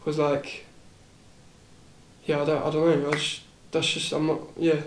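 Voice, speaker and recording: A man's voice: on the high side, monotone, a little slow, echoey room, a little hiss or hum. A young man on a casual podcast, telling a rambling story, repeating words and swearing casually. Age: young adult. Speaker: podcast host.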